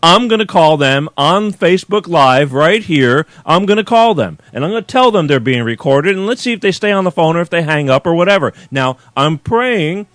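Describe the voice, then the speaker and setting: A man's voice: fairly high pitch, expressive, normal speed, hardly any pauses, a bit bright, no room sound. A man hosting a live call-in show, complaining in an exasperated, rambling, profane way to his viewers. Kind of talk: live-streamed rant to viewers. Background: faint chill music.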